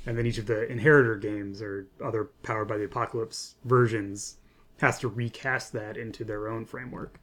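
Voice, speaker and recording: A man co-hosting a podcast about game design, explaining in a relaxed, conversational way full of "like" and "you know". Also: fairly low pitch, fairly quick. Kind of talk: casual design discussion.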